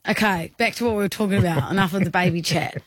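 A woman's voice: lowish voice, quick pace, no room sound, studio quality. A woman hosting a radio show, bantering and quizzing her co-host with a giggly, teasing manner.

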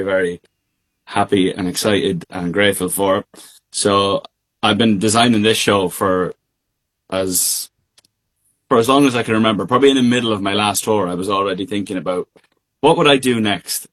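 A man with an Irish accent, a singer being interviewed over a remote call, relaxed and laughing easily with plenty of fillers. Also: fairly low pitch. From Ireland. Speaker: guest singer. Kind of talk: casual interview chat.

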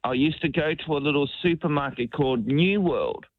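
A man's voice: fairly high pitch, a little fast, no room sound. Kiwi-raised guy calling in, tinny phone line, dry, laid-back storytelling. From New Zealand. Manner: casual, easygoing storytelling. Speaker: caller. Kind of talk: phone-in chat.

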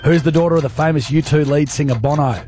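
An Australian man hosting a radio quiz, reading questions briskly and teasing the players. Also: fairly high pitch, background noise. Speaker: radio host and quizmaster.

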